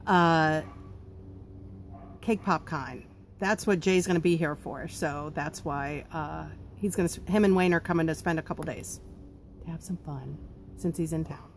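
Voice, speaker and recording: A woman's voice: low-pitched, measured pace, a little hiss or hum. Blunt, chatty woman live-stream host. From not from Pennsylvania. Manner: blunt, chatty, frequent ums. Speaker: home baking business host. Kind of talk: live-stream chat answering viewer comments.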